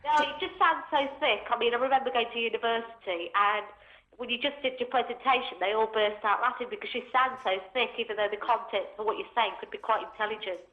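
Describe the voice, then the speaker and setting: A woman's voice: fairly high pitch, fast, phone-quality sound. A woman in her twenties with a Wolverhampton accent, calling a radio show and talking earnestly about her own voice. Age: 20s. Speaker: caller. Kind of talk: phone-in call.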